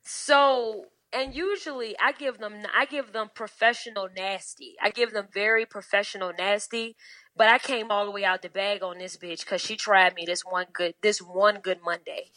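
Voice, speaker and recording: A woman chatting as a podcast guest, blunt and profane, telling animated stories from her working life. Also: mid-range voice, moderate pace, no echo, rough recording. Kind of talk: casual podcast chat.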